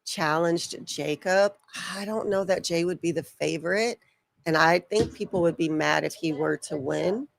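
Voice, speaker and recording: A chatty woman co-hosting a live stream, bantering playfully with her partner. Her voice sits low and has a gravelly fry running through it. The sound is dry and close, with no room echo. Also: normal speed. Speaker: livestream co-host. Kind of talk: casual live watch-along chat.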